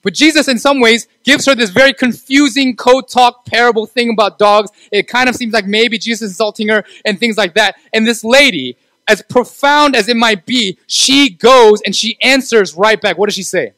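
High-voiced youth pastor, casual. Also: male voice, moderate pace, pushed and bright, dry recording, rough recording. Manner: conversational, asks the room for agreement. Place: church.

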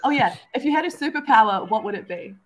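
An upbeat woman hosts with quick questions and a lively, swinging pitch. She laughs often and keeps the chat light. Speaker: host. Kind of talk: casual chat.

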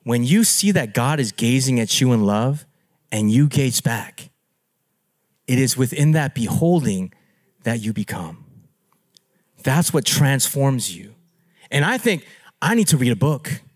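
A man preaching as a pastor, telling stories in an animated, playful way and laughing at himself. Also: mid-range voice, measured pace, pauses often. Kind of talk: storytelling sermon.

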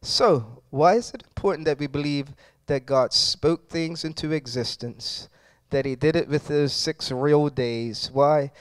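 A man with a high voice preaches a sermon, calling out questions to his congregation. His delivery moves from soft musing to loud proclamation. The sound is close and dry, with no room echo. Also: a little slow, clear, resonant tone. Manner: preaching with call-and-response, swings from quiet to loud. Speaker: pastor.

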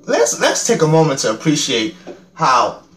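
A young man with a fairly high voice and a lively, swooping delivery reacts to a music video. He rambles, pokes fun at himself and keeps urging viewers to comment. His voice rings in an echoey room. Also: moderate pace. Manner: animated, rambling, self-mocking with frequent laughs. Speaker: reaction vlogger. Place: home room.

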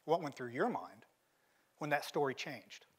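A man's voice: fairly high pitch, sing-song, a little slow, slightly rough. A middle-aged man giving a motivational keynote at a seminar, telling stories in a direct, emphatic way. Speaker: keynote speaker. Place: seminar venue.

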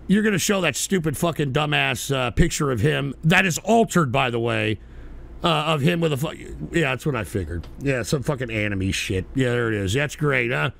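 A man hosting a call-in stream, ranting angrily and profanely, shouting in bursts. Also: medium pitch, lively intonation, normal speed, vocal fry. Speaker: radio show host.

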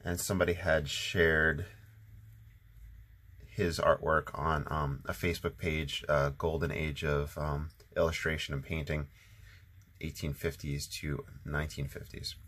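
A man with a very low voice talks casually through a watercolor session at home. He rambles a little, fills pauses with ums and sounds like he has only just woken up. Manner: relaxed, rambling, many ums. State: sleepy, just waking up. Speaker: watercolor channel host. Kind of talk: casual painting tutorial narration.

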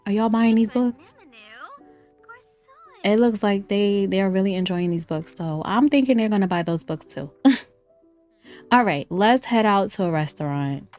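A chatty woman narrates her life-sim gameplay in a loose, playful way. She jokes with her viewers and laughs often. Soft lo-fi music plays faintly behind her voice. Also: medium pitch, animated, unhurried, long pauses. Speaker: gameplay streamer. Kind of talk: casual let's-play commentary.

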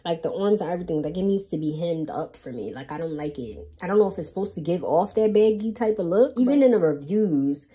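A young woman vlogging in casual, slangy chat, talking into her phone, nervous and excited. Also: on the low side, fast talker, few pauses, breathy edge. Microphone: phone held by hand. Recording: music playing behind.

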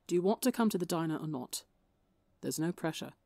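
Woman reader voicing a laid-back teasing young man, faintly gravelly. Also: fairly low pitch, fairly quick, dry recording. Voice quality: slightly gravelly. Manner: teasing and relaxed. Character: teasing, easygoing young man, warm older-brother type.

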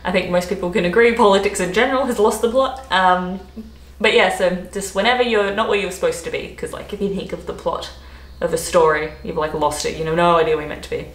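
A woman's voice: on the low side, fairly even intonation, fast. An Australian woman vlogger who chats in a rambling, giggly way as she explains slang. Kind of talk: casual explainer vlog. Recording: roomy echo, faint background noise.

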